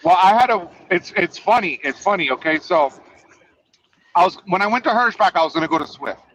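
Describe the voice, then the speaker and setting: A man's voice: sits high, expressive, a little fast, fairly bright tone. A man who drives trucks, hosting a casual, rambling, profanity-filled chat and teasing his guests. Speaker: trucker and podcast host. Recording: dull lo-fi audio.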